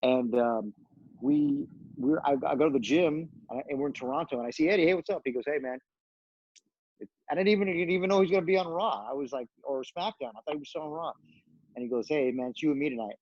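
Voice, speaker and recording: A middle-aged man telling backstage stories in a slightly husky voice at an average pitch. He recounts them with lively energy, acting out the voices of the people he quotes. The recording is dry and a little dull, as if from a close podcast mic. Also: fast, dry recording. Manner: animated storyteller, acts out quoted voices, many fillers. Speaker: guest, retired pro wrestler. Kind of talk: casual storytelling interview.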